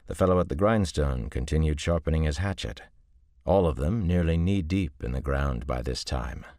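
A man reading a fantasy novel aloud in steady, measured scripted narration. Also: a bass voice, dry recording, studio quality. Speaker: audiobook narrator.

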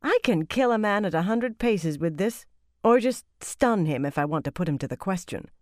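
A woman voicing an angry, haughty villainess in a fantasy audiobook, with a demanding, sharp manner. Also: mid-range voice, lively intonation, moderate pace, no room sound, clean studio sound, pitched above the performer's own voice, lightly acted.

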